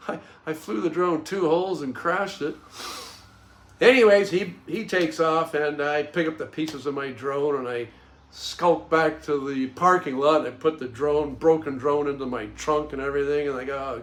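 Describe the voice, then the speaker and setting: A man casually telling a personal anecdote, acting out other people's voices and laughing at himself. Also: on the high side. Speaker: host telling a personal story. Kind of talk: casual storytelling.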